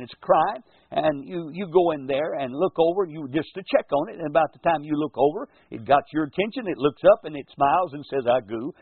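An older pastor delivers a folksy radio sermon with a lively, rising and falling voice. His tone is husky and a bit high for a man. The broadcast sound is thin and tinny, like a phone line. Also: no room sound. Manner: folksy preaching, animated, quotes scripture slowly. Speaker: radio pastor and show host.

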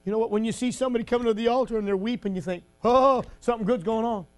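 Preacher guy, high voice, folksy and fired up, church sermon. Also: fairly even intonation, racing. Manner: fervent, folksy, rising to shouts. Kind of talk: revival sermon.

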